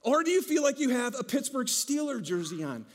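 A man preaching a sermon to a congregation, telling stories in an animated, joking way. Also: extremely high pitch, fairly quick. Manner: animated, jokey storytelling with laughs. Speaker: pastor.

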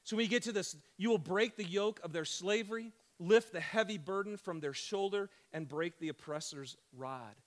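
A man preaching a sermon, conversational and animated, swinging from loud excited questions to hushed emphatic lines. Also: sits high, moderate pace, few pauses. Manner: conversational, addresses crowd as "you guys". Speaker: pastor.

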